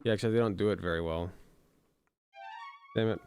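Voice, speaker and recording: A man casually commenting on a video game with wry, deadpan asides. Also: lowish voice, brisk. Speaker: streamer playing a game. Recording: faint game music behind.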